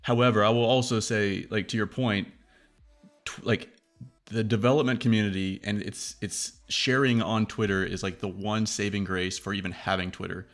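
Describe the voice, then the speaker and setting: A man hosting a casual tech chat, rambling and profane, acting out quoted reactions in a lively way. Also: lowish voice, moderate pace, soft background music. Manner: animated, acts out quoted reactions.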